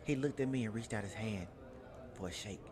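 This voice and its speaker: A man reading a first-person adventure story in a measured, journal-like way, with crowd noise behind. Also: on the low side. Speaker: narrator.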